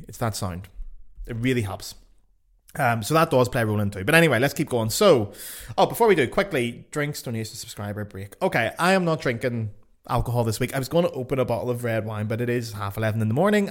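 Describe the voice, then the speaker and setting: A young man with a Northern Irish accent talks straight to his listeners in a loose, chatty podcast style. His pitch sits in an ordinary middle range but bounces up when he gets excited, and he swears in passing. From Northern Ireland. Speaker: podcast host, flutist. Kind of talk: casual solo podcast talk. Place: home in Cologne.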